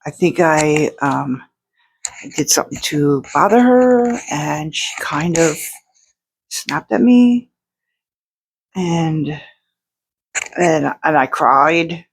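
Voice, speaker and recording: A woman's voice: deep voice, lively intonation, slow pace, vocal fry, long pauses, a little hiss or hum. Rambling chatty woman vlogging at home. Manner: rambling, chatty, many restarts and fillers. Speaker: outsider artist vlogger. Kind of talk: casual chat to camera.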